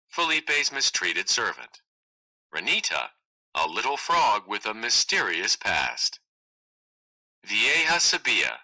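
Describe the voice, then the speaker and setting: A man's voice: lowish voice, sharp tone, poor audio. A man reading a class play aloud, calling out each cast name and stage direction in turn. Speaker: reader.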